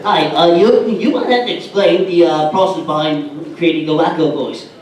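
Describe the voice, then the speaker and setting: A man's voice: fairly high pitch, normal speed, noisy background. A fan, a man, asking a question at a panel, hesitant and full of fillers. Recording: distant, echoey hall.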